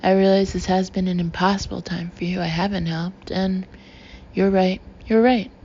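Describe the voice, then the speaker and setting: A woman voicing a gentle, heartsick young man who speaks quietly and earnestly in a measured way. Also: mid-range voice, steady tone, muffled recording, slight background noise, close to an everyday voice.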